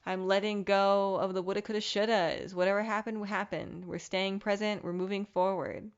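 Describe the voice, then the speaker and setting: A woman talks through her own podcast in a casual, candid monologue, reflective and now and then profane. Her voice sits in a middle pitch. The recording sounds a little dull and lo-fi. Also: flat delivery, normal speed, clear, resonant tone. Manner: candid, reflective, mildly profane self-help talk. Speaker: podcast host.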